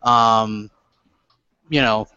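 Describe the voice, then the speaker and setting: A man's voice: lowish voice, fairly even intonation, very slow, sharp tone, smooth, dry recording. Rambling man with a dull, dry sound. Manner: rambling, filler-heavy. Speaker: podcast panelist. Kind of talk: casual chat.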